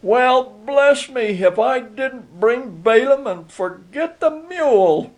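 A man's voice: fairly high pitch, animated, warm tone, voice pushed up. A man voicing a meek, tipsy elderly church elder who speaks sheepishly. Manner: meek, sheepish, slow drawl.

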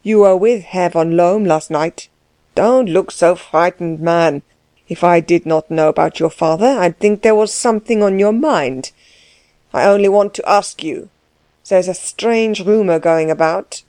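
A woman's voice: fairly low pitch, unhurried, warm tone, no echo, natural voice. Woman voicing Dellwig, a curt, bullying man. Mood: menacing. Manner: curt, pushy questioning. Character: gruff, overbearing middle-aged man, blunt and menacing.

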